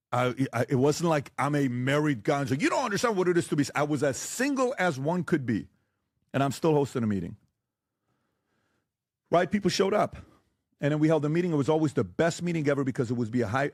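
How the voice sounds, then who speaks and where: A man debating on a talk show, who lectures forcefully and keeps firing rhetorical questions and blunt warnings. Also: fairly high pitch, no echo, clean studio sound. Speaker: podcast guest debating the host. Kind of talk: heated debate.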